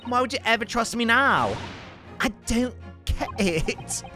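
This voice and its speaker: A man's voice: very high voice, expressive, measured pace, pushed and bright, soft background music, pitched above the performer's own voice, heavily acted. A man voicing a prickly young street girl in a game, with a cockney-tinged, sulky way of talking. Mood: defiant.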